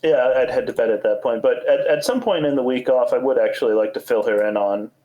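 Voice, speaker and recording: Male player, casual and wisecracking, mid-pitched, plain everyday voice. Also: fast, warm tone, poor audio. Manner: joking, offhand, swears casually. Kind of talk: casual role-play chat.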